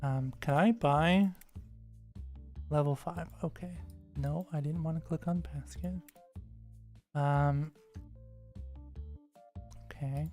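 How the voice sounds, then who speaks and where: A woman's voice: low voice, steady tone, takes it slowly, long pauses, warm tone, soft background music. A woman giving casual gameplay commentary, rambling and ranting with exasperated swearing. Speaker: gaming streamer.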